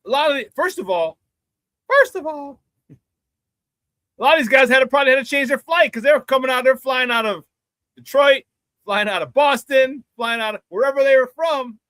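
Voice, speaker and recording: A man's voice: extremely high pitch, normal speed, long pauses, a bit bright, dry recording. A man hosting a casual live sports talk show, chatting with viewers, laughing often and repeating phrases for emphasis.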